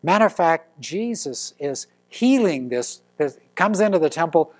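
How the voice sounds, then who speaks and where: A middle-aged man preaching a sermon as pastor, telling stories with lively acted quotes. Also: fairly high pitch, unhurried.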